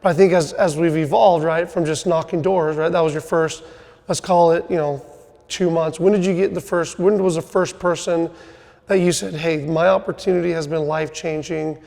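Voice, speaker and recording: Middle-aged man, podcast host, coaching tone, slightly high voice, reverberant room. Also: fairly even intonation, normal speed, creaky, darkish tone. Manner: coaching, fond of "right?" and "you know". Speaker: podcast host, sales team leader. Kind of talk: casual podcast interview.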